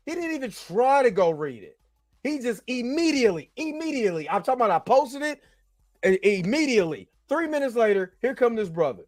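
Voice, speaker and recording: Fields: Sex: man. Pitch: very high. Style: animated rant. Mic: dry, close. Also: fairly quick, no echo, soft background music. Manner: animated, repeats himself, swears. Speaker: show host. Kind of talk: ranting pop-culture commentary.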